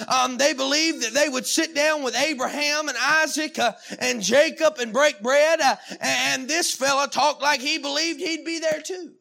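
A man preaching a sermon, animated and emphatic, with frequent restarts and calls of amen. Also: very high voice, gravelly. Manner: animated, with many restarts and Southern-style "y'all".

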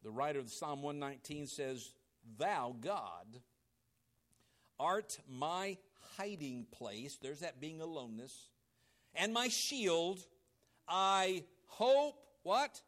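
A male pastor preaching a sermon, swinging between loud emphatic lines and quiet low asides, acting out quoted voices. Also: lively intonation, slow.

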